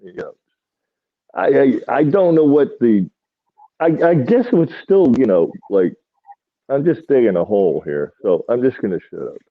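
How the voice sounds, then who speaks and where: A man's voice: mid-range voice, very animated, moderate pace, no echo. A man in casual, joking chat who keeps clowning around. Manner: clowning, sings lines and puts on mock accents. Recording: tinny phone-line sound.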